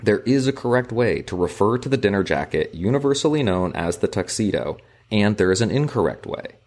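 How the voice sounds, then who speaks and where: A man co-hosting a podcast, reading aloud from a local history book in a measured, deliberate way. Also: on the low side, animated, a little mellow. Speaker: podcast co-host.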